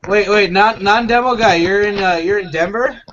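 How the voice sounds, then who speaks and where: A man's voice: high-pitched, moderate pace, fairly bright tone, highs cut off, slight background noise. A man in casual group chat, swearing heavily and rambling while searching for words.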